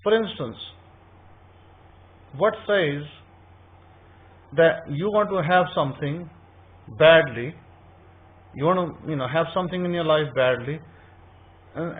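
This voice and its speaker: Guy with a high voice preaching casually, repeats himself a lot, sounds like a phone line. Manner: conversational, repetitive, often acts out listeners' quoted thoughts. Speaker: scripture teacher. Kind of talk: informal scriptural teaching talk.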